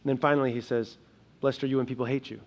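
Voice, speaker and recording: A young adult man preaching a sermon as pastor, earnest, shifting between quiet emphasis and loud, urgent passages. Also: mid-range voice, flat delivery, fast talker. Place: church sanctuary.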